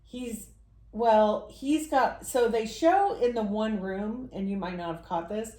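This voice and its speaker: A woman co-hosting a casual podcast, chatting and reading notes aloud in an animated way. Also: a little high, slow. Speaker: podcast co-host. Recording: roomy echo.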